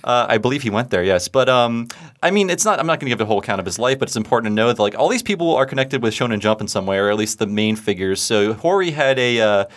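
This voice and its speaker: A man hosts a podcast in relaxed conversation. He talks loosely, with plenty of fillers, and laughs often along the way. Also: mid-range voice, quick pace. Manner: chatty, laughs easily, many fillers. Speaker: podcast host. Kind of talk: casual podcast chat.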